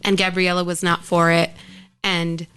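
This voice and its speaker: A woman guesting on a casual podcast chat, expressive and dramatic, quick to exclaim. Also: fairly low pitch, clear, resonant tone.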